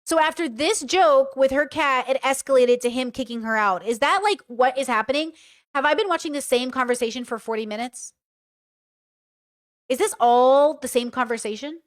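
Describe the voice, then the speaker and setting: High-voiced young woman, blunt and profane. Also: moderate pace, dry recording, studio quality. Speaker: reaction video commentator. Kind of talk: casual reaction commentary.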